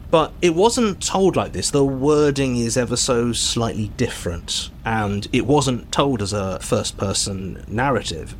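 A man's voice: medium pitch, slight background noise. A man running a tabletop game as game master, narrating scenes and teasing his players with frequent laughs. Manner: playful, teasing, laughs often.

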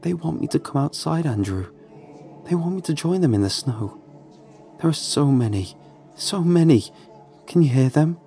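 A man's voice: on the high side, lively intonation, normal speed, creaky, pauses often, dark tone, faint music behind, voice pushed up. A man voicing a frightened young man who is trapped in a storm, his voice hollow and slipping into manic rambling. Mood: despairing.

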